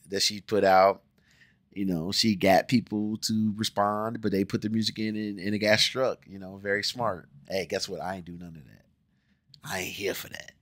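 Animated forty-year-old American man, dry sound. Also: fairly low pitch, no echo. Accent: American, Ohio. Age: 40s. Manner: animated, swings between loud exclamations and muttered asides. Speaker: YouTube host reacting to a music video. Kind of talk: casual reaction commentary.

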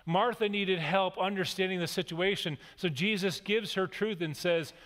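A middle-aged man preaching in a church, his voice pitched a little high for a man. He reads a passage and then unpacks it earnestly, telling stories along the way. The sanctuary's long reverb trails after each phrase. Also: normal speed, hardly any pauses, fairly bright tone. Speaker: guest speaker. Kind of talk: sermon.

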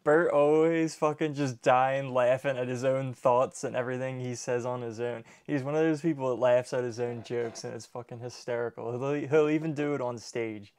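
A man's voice: medium pitch, steady tone, normal speed, hardly any pauses, darkish tone, smooth. A man hosting a reaction video, chatting casually and with amusement about the clips he watches, swearing freely.

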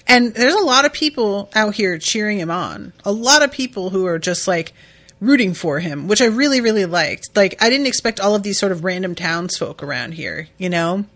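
A woman's voice: medium pitch, lively intonation, normal speed, a bit bright. A woman hosting a podcast who recaps an episode in a casual, emotional, chatty way, swearing now and then. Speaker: podcast host.

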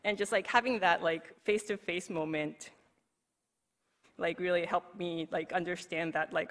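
A woman's voice: on the low side, steady tone, moderate pace. A woman giving a conference presentation in a chatty, casual way, filling her sentences with "like" and laughing easily. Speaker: conference speaker. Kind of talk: recorded presentation talk.

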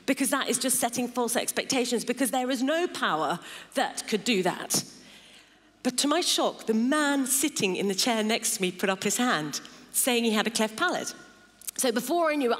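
A woman's voice: medium pitch, a bit bright. Middle-aged woman preacher, emphatic sermon delivery, long church reverb. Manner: emphatic, builds lists of intensifying phrases. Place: large church hall.

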